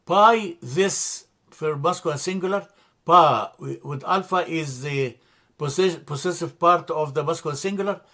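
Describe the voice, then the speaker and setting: A man teaching a grammar lesson, explaining step by step, spelling out letters, repeating words and often pausing to correct himself. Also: a little high, sharp tone. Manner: frequent hesitations and self-corrections. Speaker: language teacher.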